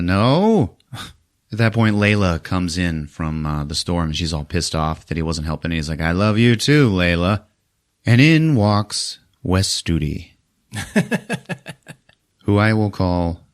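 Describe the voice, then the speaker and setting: A man hosts a podcast where he casually recounts a movie, swearing and acting out characters in silly voices. His low-pitched voice is expressive and measured.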